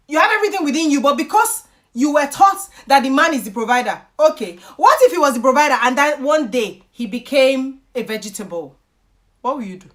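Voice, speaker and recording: A woman chats on a live stream, reading viewer comments aloud. Her voice sits high and swoops around a lot. She lectures with emphatic, repeated lines. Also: very animated, a little fast. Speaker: YouTuber hosting a live stream.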